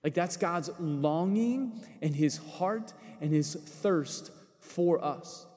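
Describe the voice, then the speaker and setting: A man's voice: a little high, animated, slow, darkish tone, big-room sound. A man preaching a sermon in a conversational, storytelling way. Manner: storytelling with acted quotes, conversational.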